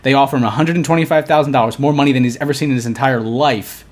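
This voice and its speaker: A young man co-hosting a podcast, telling a long story in casual chat, animated, restarting often and acting out the lines he quotes. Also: medium pitch, racing. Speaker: podcast co-host.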